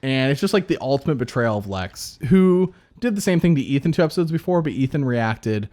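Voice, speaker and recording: This podcast co-host, a man with a medium-pitched, slightly mellow voice, talks fairly quickly with lively intonation. His casual chat rambles, packed with fillers and restarted sentences.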